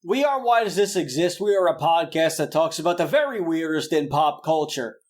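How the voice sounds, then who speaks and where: Young guy running a podcast, talks high, rambles and cracks jokes. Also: animated, moderate pace, a little mellow. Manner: rambling, jokey, self-deprecating. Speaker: podcast host. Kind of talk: casual podcast chat.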